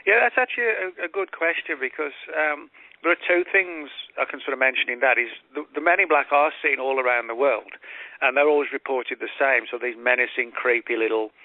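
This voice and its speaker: A man's voice: medium pitch, no echo. Man explaining over a tinny phone line. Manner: measured, explanatory, with frequent fillers and restarts. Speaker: guest author. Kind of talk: call-in radio interview.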